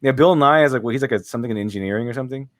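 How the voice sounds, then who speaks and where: A man's voice: mid-range voice, racing, no echo, clean studio sound. A man hosting a casual livestream with friends, reading chat messages and memes aloud and laughing often. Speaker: stream host reading chat.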